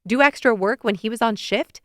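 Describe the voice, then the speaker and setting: Expressive woman narrating a romance audiobook. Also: on the high side, no echo, studio quality. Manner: lively, expressive, quick to rise into excited questions. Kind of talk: first-person romance narration.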